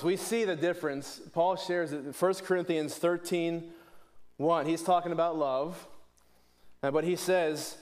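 A man's voice: on the high side, steady tone, moderate pace, darkish tone. A middle-aged man from Pittsburgh preaching a sermon earnestly, often restarting phrases and posing questions to the congregation. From Pittsburgh, USA. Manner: earnest, repeats words and restarts phrases, asks rhetorical questions. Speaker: pastor.

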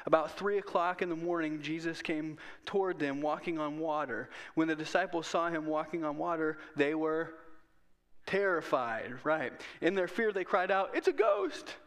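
A man's voice: a little high, moderate pace, fairly bright tone. A man preaching a sermon in an earnest, conversational way, often restarting his sentences. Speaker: pastor.

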